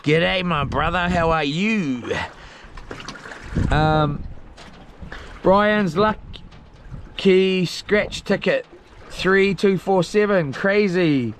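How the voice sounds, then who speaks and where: Drawing out his words and leaving long pauses, a young Kiwi livestreamer reads viewer comments from a small boat at sea. His high voice carries a relaxed, slangy, rambling style packed with fillers, and a little hiss or hum can be heard.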